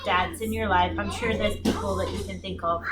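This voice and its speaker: A woman chatting casually and reminiscing, quick to laugh as she talks. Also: mid-range voice, fairly even intonation, loud music behind the voice. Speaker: staff member at a pregnancy center. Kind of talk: casual group chat. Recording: loud background noise.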